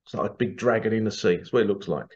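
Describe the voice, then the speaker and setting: Fairly low-pitched and darkish, this Englishman's voice moves at a quick pace as he hosts his spiritual channel. He tells a casual, rambling story by himself with restarts and asides, recorded in dull lo-fi sound.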